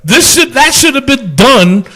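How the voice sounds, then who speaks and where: This is a man hosting a podcast. His voice sits high and swings widely, and he speaks slowly. He chats loosely and keeps breaking into laughter. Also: sing-song, crowd noise. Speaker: podcast host. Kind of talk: casual chat.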